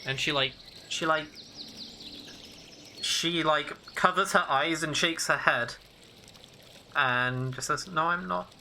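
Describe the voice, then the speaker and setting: Slow talking guy running a d&d game, says like a lot, bright tone. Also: a little high, steady tone, a little hiss or hum. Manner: halting, full of "like" and "uh". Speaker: game master. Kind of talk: narrating a tabletop game.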